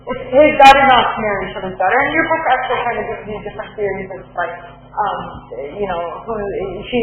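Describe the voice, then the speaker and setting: The high voice of a woman university lecturer fills a very echoey room, and each word trails off into long reverb. She explains things step by step, repeats her points and keeps checking that her students follow. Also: phone-quality sound, slight background noise. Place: lecture hall.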